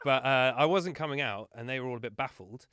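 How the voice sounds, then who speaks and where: A man chatting as a podcast guest and spinning self-deprecating anecdotes. His voice sits at an ordinary pitch, and the recording is close and dry, with no room sound. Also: quick pace, sharp tone, clean tone, no echo. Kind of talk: casual chat.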